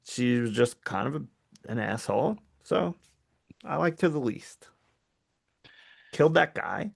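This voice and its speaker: A man's voice: mid-range voice, animated, unhurried, vocal fry, breathy edge. A man co-hosting a casual movie podcast who talks hesitantly, with many fillers and casual swearing. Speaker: podcast co-host.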